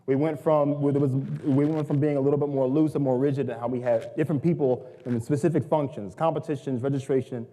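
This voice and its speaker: A young adult man giving a humorous storytelling talk, self-mocking and lively, acting out the people in his stories. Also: mid-range voice, fast talker, hardly any pauses. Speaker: guest speaker. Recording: long hall reverb.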